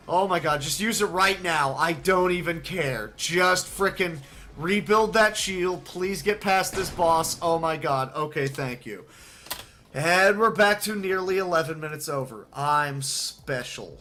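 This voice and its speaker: A man commentating his own speedrun live, excitable and self-deprecating, chatting with viewers as he plays. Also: sits high.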